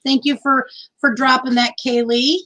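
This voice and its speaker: A woman's voice: high-pitched, flat delivery, moderate pace, pushed and bright, poor audio. A middle-aged woman from Texas hosting a casual livestream, chatty and rambling as she reads out names from the chat into her phone. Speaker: livestream host.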